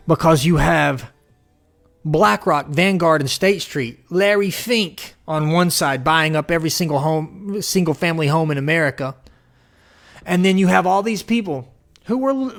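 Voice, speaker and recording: Heated, profane man ranting. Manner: profane, heated, swings from shouting to low growls. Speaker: political commentator. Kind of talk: angry political rant.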